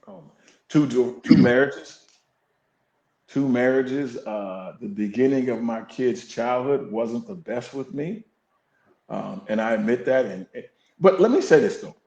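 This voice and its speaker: A man's voice: mid-range voice, lively intonation, unhurried, darkish tone, dull audio. A man speaking candidly and reflectively as an interview guest, with an earnest, preacher-like emphasis. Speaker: podcast guest, fire captain and coach. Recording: roomy echo.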